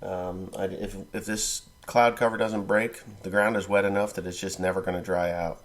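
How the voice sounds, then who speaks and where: A man's voice: sits low, flat delivery, moderate pace. A middle-aged man, a farmer, talking casually and bluntly to the camera with crude jokes. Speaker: farmer vlogger.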